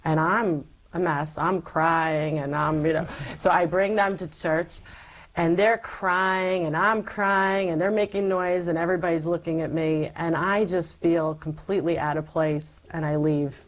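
A woman as an interview guest, giving a personal faith testimony as a lively storyteller who acts out her past self. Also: on the low side, measured pace, poor audio.

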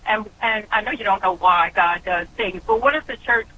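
A woman's voice: mid-range voice, moderate pace, sharp tone, a little hiss or hum, poor audio. A woman around seventy from New Orleans calls in to a radio show, asking a question with hesitant starts and apologies. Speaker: caller. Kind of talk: phone-in question.

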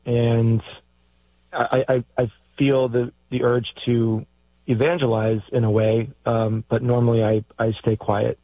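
A man's voice: medium pitch, little pitch movement, a little slow, dry recording. A man calling into a show, speaking hesitantly with many fillers and restarts. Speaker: caller. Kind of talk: call-in conversation. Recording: tinny dry phone line.

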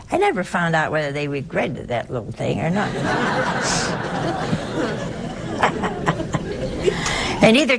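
Low creaky older woman reminiscing. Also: poor audio. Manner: rambling, repetitive, chuckling asides. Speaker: nun. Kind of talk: personal storytelling.

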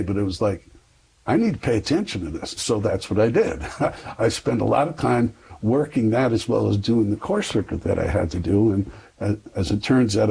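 A man's voice: lowish voice, warm tone, breathy edge, low-quality recording. A middle-aged man, a guest on an interview, telling a long personal story in a rambling, self-deprecating way with frequent fillers.

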